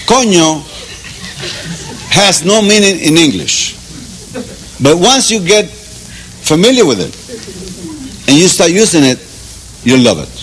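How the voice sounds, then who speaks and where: A man from Cuba with a Cuban accent gives a playful, mock Spanish lesson, chuckling and drilling slow repetitions. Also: a little high, sing-song. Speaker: teacher. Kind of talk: comic mock language lesson. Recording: loud background noise.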